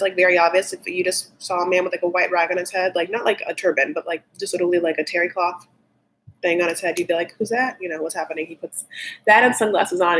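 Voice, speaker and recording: A woman's voice: on the low side, fairly bright tone. Female host for a live recap stream; chatty, gossipy, sarcastic, filler-heavy delivery. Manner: sarcastic asides. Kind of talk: live show recap chat.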